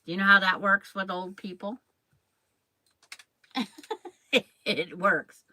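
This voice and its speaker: Sewing on a live stream, an older quilting channel host chats casually and rambles, addressing viewers by name. She speaks slowly in a mid-range, pushed and bright voice with fairly even intonation, captured on a low-quality recording.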